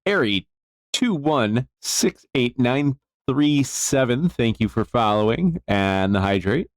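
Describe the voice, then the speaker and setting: A man's voice: medium pitch, expressive, slow, no echo, studio quality. A man chatting casually on a live stream from his jewelry workbench, easygoing and rambling as he thanks viewers. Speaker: jeweler streaming bench work.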